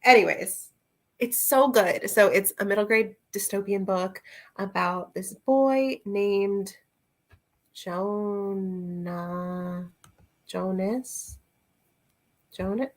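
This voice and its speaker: A woman's voice: mid-range voice, takes it slowly. A woman chatting casually about books on a livestream, laughing often and answering her viewers. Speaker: book reviewer. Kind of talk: casual livestream book chat.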